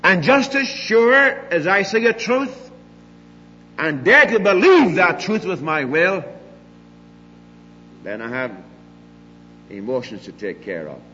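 An older man preaching a sermon, emphatic, moving between loud declarations and quiet asides. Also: sits high, sing-song, takes it slowly, pauses often, big-room sound, highs cut off.

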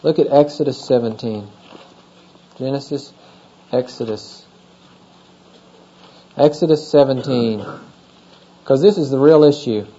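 With a warm, mid-range voice, a male pastor speaks at a measured pace and leaves long pauses. He delivers an expository sermon on scripture casually, regularly checking in with the congregation through questions. The audio is a dull lo-fi sermon recording.

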